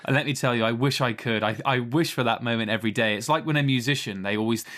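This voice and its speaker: A man co-hosting a film podcast in casual, animated chat, laughing often. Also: medium pitch, fast talker. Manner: chatty, animated, laughs often, does voices. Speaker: podcast co-host.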